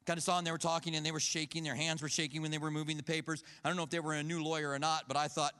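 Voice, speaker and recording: Animated pastor preaching in a reverberant hall. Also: male voice, fairly high pitch, racing, clear, resonant tone. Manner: storytelling, acts out quoted voices, animated. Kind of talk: conversational sermon with personal stories. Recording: long reverb of a large hall.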